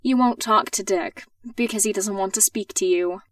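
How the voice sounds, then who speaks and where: A woman's voice: medium pitch, moderate pace, no room sound, lightly acted. A woman voicing a cold, angry female tech ally in a fan audiobook reading. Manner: cold, harsh.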